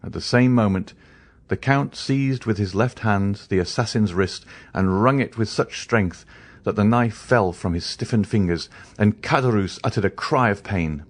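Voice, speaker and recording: A man with a lowish voice narrates a classic novel as an audiobook, reading in a measured, expressive way.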